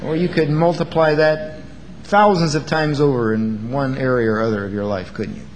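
A man's voice: medium pitch, fairly even intonation, moderate pace, big-room sound, slight background noise, rough recording. A man preaching an earnest sermon, acting out quoted lines as he goes.

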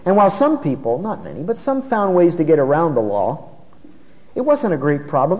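Male preacher, slightly high voice, teaches through scripture with emphatic slow stresses; dull recording in a big echoing hall. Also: huge pitch swings. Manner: emphatic, slows down to stress key words. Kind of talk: expository sermon. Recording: muffled recording with long hall reverb.

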